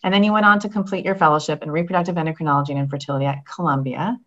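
A woman's voice: deep voice, racing, a bit bright, lo-fi sound. A woman hosting an interview show, upbeat as she reads out her guest's bio and asks questions. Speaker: podcast host.

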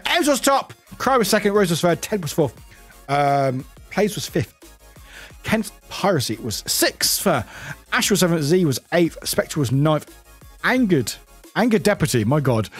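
Lively man, chatty streamer. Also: sits high. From United Kingdom. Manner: rambling, laughs often, swears casually. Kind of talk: casual chat with viewers while gaming.

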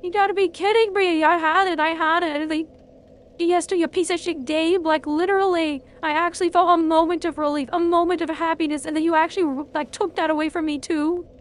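A woman streaming a video game, reacting loudly and swearing freely at each twist of the fight. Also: extremely high pitch, a little fast. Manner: excitable, swears a lot, talks at the game. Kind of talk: live gameplay commentary.

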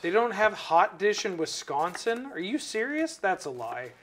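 A woman playing a card game on stream, chatting casually in an easygoing way and quick to react. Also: mid-range voice, big pitch swings, slight background noise.

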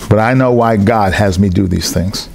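A man's voice: fairly low pitch, normal speed, vocal fry, background noise. A man preaching a sermon in a church hall, telling personal stories and acting out the voices of the people in them. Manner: animated storytelling, acts out other people's lines.

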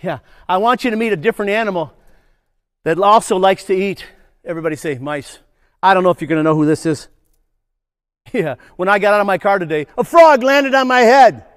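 A man's voice: high voice, a little fast, long pauses, long reverb tail. Older man leading playful crowd chants. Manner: playful call-and-response, leads crowd chants. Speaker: nature educator. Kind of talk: interactive children's nature program.

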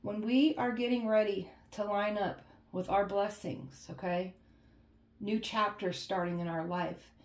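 A woman's voice: medium pitch, steady tone, a little slow. Chatty woman tarot reader, echoey room. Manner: chatty, often ends phrases with "okay?" and "guys". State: emotionally shaken, holding back tears. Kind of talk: casual tarot reading to camera. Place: indoors at home, with a cat nearby.

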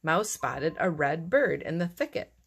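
A woman reading a children's storybook aloud in a lively, expressive way. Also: sits low, unhurried, vocal fry, slightly rough. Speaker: narrator.

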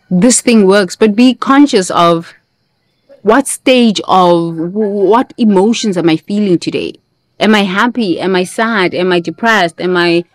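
A female host with a fairly low-pitched voice, recorded without echo, gives a motivational self-help monologue. Her delivery is emphatic, built on repeated key phrases and the occasional playful sing-song chant.

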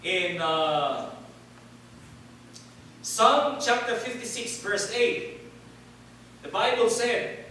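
This preacher's high, bright voice is forceful and expressive, and he speaks extremely slowly with long pauses. In a church hall he has the congregation answer back and repeat words; the far-off recording echoes and carries a little hiss or hum.

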